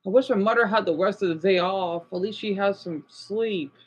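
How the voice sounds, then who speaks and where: A man's voice: high voice, normal speed, a little hiss or hum. A man talks to his livestream viewers in a rambling rant. He stumbles over his words, restarts his sentences and keeps apologizing as he vents. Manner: upset, ranting, with many restarts and apologies. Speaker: livestreamer reacting to videos.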